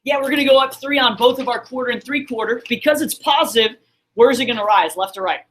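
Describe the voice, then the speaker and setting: A man's voice: very high voice, quick pace, a bit bright. A man teaching a math class in a classroom, upbeat and encouraging as he quizzes his students. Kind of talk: classroom lesson streamed online.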